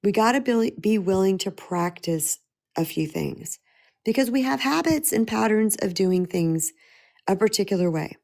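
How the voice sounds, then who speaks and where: A woman's voice: medium pitch, animated, normal speed, a little mellow. A middle-aged woman speaking as a spiritual empowerment coach, earnest and emphatic, often repeating her key phrases. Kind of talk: motivational talk.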